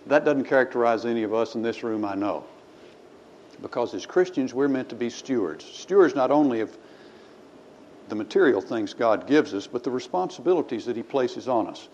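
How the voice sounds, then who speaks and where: A man's voice: medium pitch, lively intonation, normal speed, a little mellow, slight background noise. A man preaching a sermon in a church. He talks in a folksy way and reads scripture aloud with rising emphasis. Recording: slightly dull recording with faint ambience.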